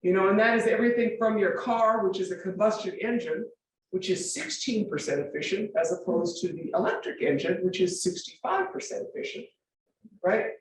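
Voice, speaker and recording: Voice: mid-range voice, animated, fairly quick. A forum speaker giving an informal public lecture with slides, emphatic and full of rhetorical questions, often checking that listeners follow. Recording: very echoey room, voice far from mic, faint ambience.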